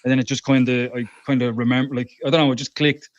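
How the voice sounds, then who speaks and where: A man co-hosting a casual chat over a video call, easygoing and quick to agree and laugh. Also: mid-range voice, level tone. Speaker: co-host. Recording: dry, dull lo-fi mic.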